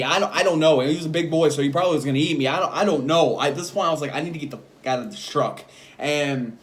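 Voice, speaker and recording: A man in his twenties telling a story in a casual vlog, rambling and animated, laughing between lines. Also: on the high side.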